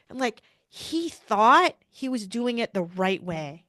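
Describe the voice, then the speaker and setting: A woman's voice: on the high side, sing-song, slow pace, a bit bright, dry recording, clean studio sound. A middle-aged woman, a pediatrician, telling a personal story in an interview with earnest, searching speech and frequent restarts. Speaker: pediatrician and bereaved mother, guest.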